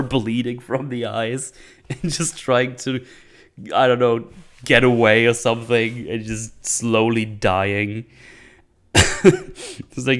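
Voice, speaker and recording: Male host, lowish smooth voice, loose rambling movie recap, chuckles a lot. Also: fairly even intonation, takes it slowly, pauses often, a bit bright. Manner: rambling, laughs often, many restarts. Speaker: podcast host reviewing a movie. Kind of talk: casual solo movie recap.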